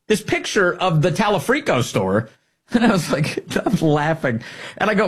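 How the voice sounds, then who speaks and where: A middle-aged male talk radio host with a slightly husky voice. He talks in a sarcastic, mocking way, and his pitch leaps up and down as he spins one joke after another. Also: very animated, moderate pace.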